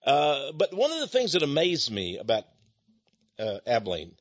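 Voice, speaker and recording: A man's voice: mid-range voice, wildly swooping pitch, moderate pace, dull audio. An older man from Texas, hosting a radio talk program in a folksy, rambling way that builds to angry emphasis. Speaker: radio host.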